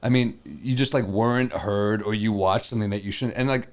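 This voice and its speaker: A man's voice: lowish voice, brisk. A man on a podcast as a comedian guest, telling stories in casual chat with a dry delivery and plenty of swearing. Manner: dry storyteller, swears freely.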